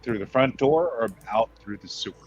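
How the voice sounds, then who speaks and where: A man's voice: mid-range voice, fairly quick, dull audio, slight background noise. A man playing in a tabletop game, talking through the options in a brief, practical way. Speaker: player. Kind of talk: casual chat.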